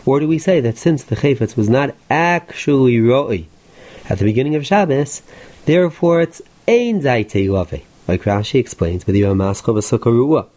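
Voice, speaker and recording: A man, a rabbi, teaching a Talmud lesson in a steady explanatory way, stressing key points. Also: mid-range voice, normal speed. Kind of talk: Talmud lecture.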